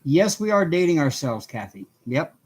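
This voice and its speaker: A man's voice: a little high, big pitch swings, normal speed, darkish tone, breathy edge. A middle-aged man hosting a casual craft livestream from home, chatting with viewers, greeting them by name and laughing often. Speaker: livestream host.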